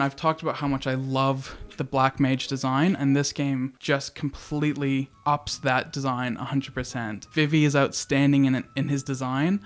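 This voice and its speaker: A man hosting a casual game review video, excitable and chatty, swearing casually as he talks. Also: medium pitch, clean tone. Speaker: video essay host.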